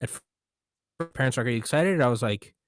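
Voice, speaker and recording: Animated and quick, this young man's mid-range voice carries a casual podcast story full of swearing and quotes from himself and others. The studio-quality recording has no echo.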